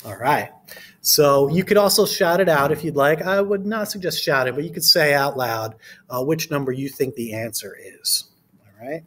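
A man's voice: fairly high pitch, moderate pace, a bit bright, slight background noise. A man reading a picture book aloud to children, then leading a friendly art lesson with playful quiz questions. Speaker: art teacher.

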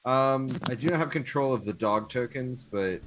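A man's voice: medium pitch, moderate pace, a crowd in the background. Matter-of-fact man at a game table. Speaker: player. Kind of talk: casual tabletop play.

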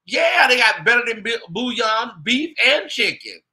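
Male host, high and sharp-toned, gossipy casual chat with viewers. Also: measured pace. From United States. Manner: chatty, gossipy, animated asides to viewers.

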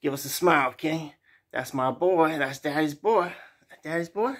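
A man's voice: fairly high pitch, measured pace, fairly bright tone. A man rambling casually to his pets in crude baby talk, calling himself by a nickname in the third person.

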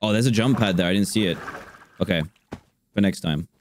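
This streamer has a lowish, slightly mellow voice and a brisk delivery as he narrates his own gameplay live. He keeps bursting into exasperated, self-mocking remarks, with background noise audible in the recording.

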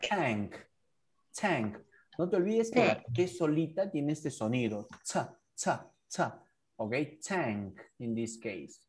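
Spanish-speaking guy teaching english on a video call, slow and bouncy, repeats stuff patiently. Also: a little high, expressive. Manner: patient, repeats and drills words. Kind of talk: online English lesson for a child.

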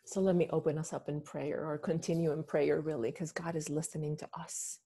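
A woman pastor leading a lament, speaking slowly, deliberately and gravely. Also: low voice, level tone, warm tone. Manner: slow, deliberate, grave and earnest. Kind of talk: slow reflective spoken sermon and prayer.

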